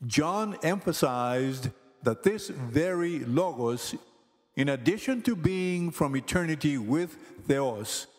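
A man teaching Greek grammar in slow, careful scripted narration, pronouncing each word deliberately. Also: on the high side, expressive. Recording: long hall reverb with faint music.

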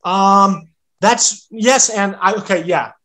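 Man, young adult, American accent, slightly high voice, rambling casual podcast talk, lots of "like". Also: slow, sharp tone. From United States. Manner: rambling, many restarts and "like" fillers. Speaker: guest, serving legionnaire.

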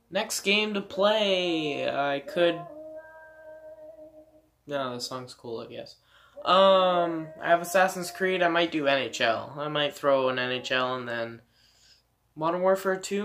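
A man's voice: a little high, expressive, slow pace, pauses often, fairly bright tone. Rambling casual male gamer. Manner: rambling, swearing, filler-heavy. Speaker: let's play gamer. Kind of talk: casual game commentary.

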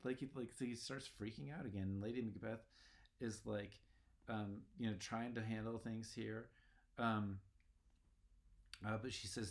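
A man's voice: lowish voice, fairly even intonation, measured pace, pauses often. A man giving a casual literature lecture, talking in a rambling, conversational way with many fillers. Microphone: recorded lecture video.

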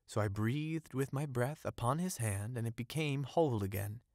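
A man narrating an audiobook of a classic fairy tale, in a steady, ornate storytelling read on a close mic. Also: mid-range voice, moderate pace, no room sound.

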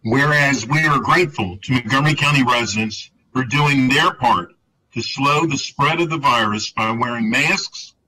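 A council member, a man, reads part of a formal resolution. His voice is very bright and forceful with some huskiness. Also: medium pitch, moderate pace, husky, low-quality recording.

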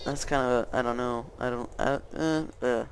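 A young gaming YouTuber rambles through casual gameplay commentary, sounding hesitant and full of fillers and restarts. His medium-pitched voice is steady at normal speed, with a little hiss or hum.

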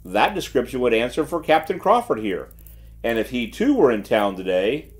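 A man voicing a shrewd gentleman detective who speaks quietly and with calm assurance. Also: mid-range voice, natural voice. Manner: quiet, measured, self-assured.

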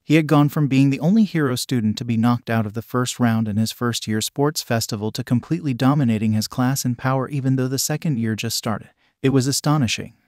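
A man's synthetic voice reading fan fiction as scripted narration, in an even, flat delivery. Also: mid-range voice, fairly quick, hardly any pauses, no room sound, clean studio sound.

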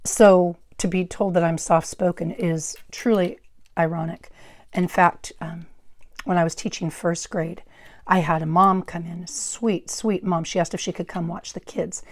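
A middle-aged woman with a naturally loud voice hosting a craft tutorial, chatting through each step with asides and self-corrections on a wearable mic at her workstation. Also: fairly low pitch, steady tone, unhurried, no echo. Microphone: wearable microphone.

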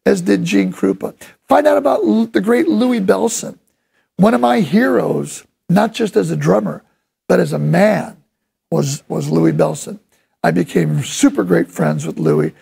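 A man giving a casual, enthusiastic drum lesson, rambling from one point to the next and sometimes voicing drum rhythms out loud. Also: sits high, animated, unhurried, gravelly, husky. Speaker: drum instructor.

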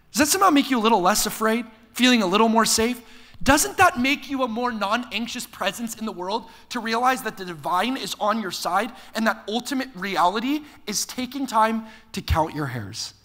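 A young man preaching a lively sermon to a live audience, joking and asking them to repeat lines after him. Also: high-pitched. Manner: energetic, playful preaching with call-and-response jokes. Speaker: pastor. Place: church hall before a live audience. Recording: long reverb of a hall.

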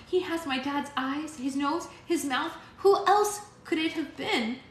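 A woman doing a high, anxious young fairy girl. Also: measured pace, echoey room. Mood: distressed.

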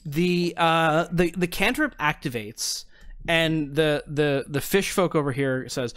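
A man's voice: a little high, a bit bright, clear, resonant tone, no echo, studio quality. A man running a tabletop game as game master, narrating with frequent restarts. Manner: halting, restarts often.

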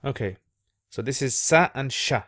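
A man's voice: mid-range voice, animated, moderate pace, fairly bright tone, dry recording, clean studio sound. A man teaching letter sounds in a patient, step-by-step lesson, repeating each sound for the listener to copy. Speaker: Arabic reading teacher. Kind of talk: slow step-by-step lesson narration.

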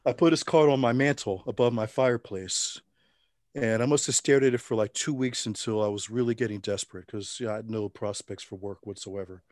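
Brief: middle-aged man, lowish voice, dry close sound, wry relaxed anecdotes. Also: fairly quick, no echo. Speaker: interview guest. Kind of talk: casual storytelling interview.

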